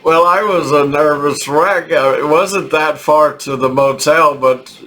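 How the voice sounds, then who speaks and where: An older man from Texas with a Texan accent, telling a rambling, halting story with chuckles in a casual vlog. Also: fairly high pitch, fairly bright tone. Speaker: vlogger.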